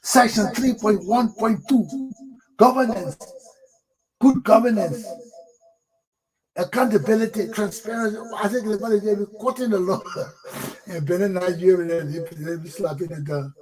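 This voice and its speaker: Blunt, high-voiced man ranting. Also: moderate pace, darkish tone, soft background music, rough recording. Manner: blunt and profane, repeats words, laughs often. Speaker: talk show host. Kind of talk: heated political commentary.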